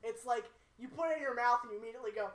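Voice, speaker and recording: A woman's voice: fairly high pitch, racing. A young woman, a podcast co-host, telling rambling stories in casual group chat and laughing often. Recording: roomy echo.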